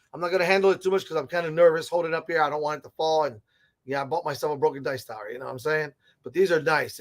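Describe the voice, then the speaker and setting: Recorded inside a comic and game shop, a man with a slightly high voice hosts a casual tabletop gaming segment. He's chatty and excitable as he shows off products, veering into frequent asides.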